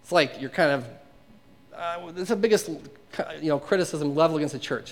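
A man's voice: on the high side, lively intonation, fairly quick. A man preaching a conversational sermon to a congregation, asking them questions and acting out the quotes he reads. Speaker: pastor.

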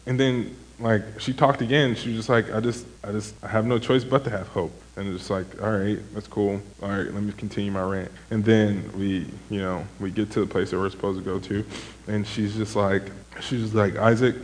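A man's voice: fairly low pitch, steady tone, moderate pace, big-room sound, a little hiss or hum, poor audio. A young man, a former camp counselor, giving a casual sermon testimony in a rambling way, full of "like" and "um". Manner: rambling, heavy use of "like" and "um".

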